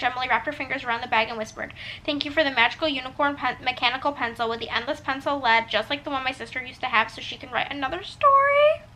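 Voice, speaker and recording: A woman's voice: high voice, bright, forceful tone, slight background noise, low-quality recording. A young woman book vlogger reading passages aloud and reacting emotionally in a casual vlog. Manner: emotional, gushing, reads quotes then reacts.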